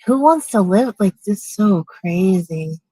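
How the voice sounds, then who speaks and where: A woman's voice: medium pitch, animated, slow, warm tone, dry recording, low-quality recording. A middle-aged woman venting casually in a rambling storytime, blunt and profane, restarting her sentences often. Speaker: vlogger.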